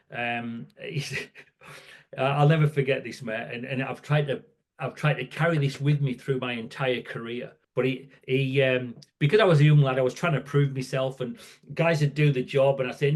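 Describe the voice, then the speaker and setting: Speaking at a moderate pace with a medium pitch and fairly even intonation, this sixty-something man is a podcast guest. He tells work stories in a loose, conversational way, with restarts and frequent "right?" tags.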